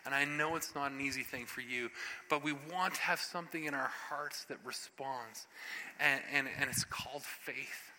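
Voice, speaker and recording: A man preaches in an animated, conversational style. His bright, forceful voice carries through a large church hall with long reverb. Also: medium pitch, moderate pace, a little hiss or hum. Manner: animated, conversational, acts out scripture scenes. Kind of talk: sermon.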